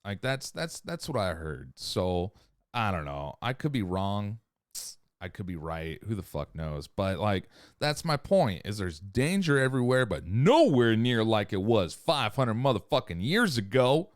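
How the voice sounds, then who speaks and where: A man with a low voice rants on a podcast, swearing freely and wandering off his point. His pitch leaps up and down with lively swings. The sound is dry and close, with no room echo. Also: measured pace. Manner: profane, rambling, loses his thread. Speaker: podcast host. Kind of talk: casual rant.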